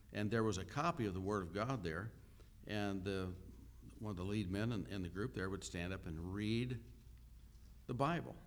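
Male pastor, lower voice, unhurried conversational sermon with many pauses. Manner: unhurried teaching with frequent "uh" pauses; conversational, asks the listeners questions.

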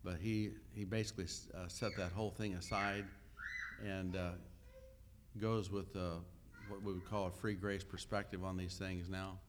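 Male pastor, lower voice, unhurried conversational sermon with many pauses. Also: flat delivery, background noise. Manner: unhurried teaching with frequent "uh" pauses; conversational, asks the listeners questions.

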